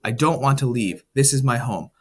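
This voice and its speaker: A man's voice: mid-range voice, normal speed, lightly acted. Anxious young storybook narrator read by a man, uneasy questions. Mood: worried.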